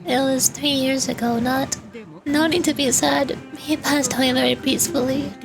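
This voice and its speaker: High-voiced woman streamer reading game lines. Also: steady tone, moderate pace, creaky. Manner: reads all characters' lines with casual asides. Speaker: vtuber streamer. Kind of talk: reading game dialogue aloud while playing. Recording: game music behind the voice.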